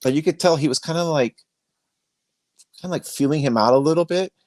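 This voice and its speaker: A podcast host with a slightly high, brisk, somewhat mellow voice runs an interview from his bedroom, recording on an iPhone with no echo. He talks emphatically, rambling in a storytelling way through the casual chat.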